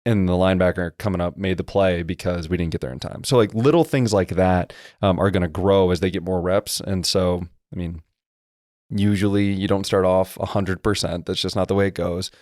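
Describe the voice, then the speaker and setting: Male podcast co-host, low voice, dry close mic, rapid technical analysis. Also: steady tone, darkish tone, dry recording. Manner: detailed, fast technical football breakdowns. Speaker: podcast co-host and former lineman. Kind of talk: casual sports podcast chat.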